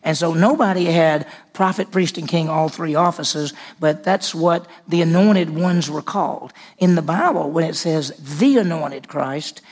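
A man's voice: fairly high pitch, measured pace, few pauses. A man teaching a Bible study lesson in a conversational way, repeating words for emphasis.

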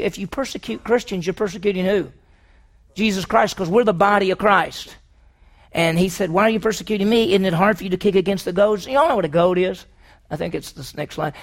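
Preacher, male, high and gravelly; sermon delivery that asks the room questions and drops to near-whispers. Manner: swings from loud emphasis to hushed near-whisper. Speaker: pastor.

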